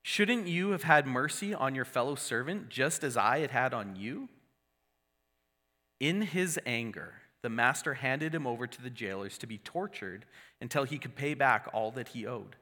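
A man's voice: mid-range voice, lively intonation, normal speed, pushed and bright, in a large hall. A man preaching a sermon as a pastor, conversational and earnest, with restarts and asides.

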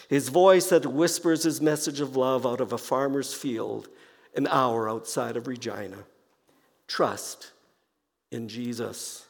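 A man preaching a sermon as pastor, speaking slowly and deliberately and softly repeating key phrases. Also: medium pitch. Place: church sanctuary. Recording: long reverb of a church hall.

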